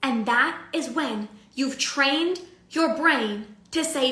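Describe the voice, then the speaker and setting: A woman's voice: sits high, slow pace, pushed and bright, roomy sound. A young woman coaching her audience in a casual live-streamed talk, chatty with filler likes and everyday analogies. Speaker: binge eating coach.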